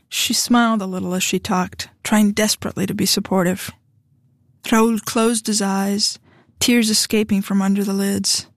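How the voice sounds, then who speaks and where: A woman's voice: medium pitch, level tone, normal speed, no room sound. A woman narrating an audiobook, reading the dialogue with light shifts for each character. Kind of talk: scripted narration.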